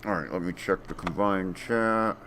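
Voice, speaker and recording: A man's voice: sits low, moderate pace, background noise. A man casually commenting as he streams a video game from home, laid-back and chatty, talking to himself.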